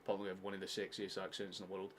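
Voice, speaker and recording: A Scottish man from near Glasgow streaming a football watchalong, chatting casually, swearing freely and shouting out at chances. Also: sits low, completely flat delivery, rapid-fire, slight background noise. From Scotland, near Glasgow. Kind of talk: casual live-stream chat and match commentary.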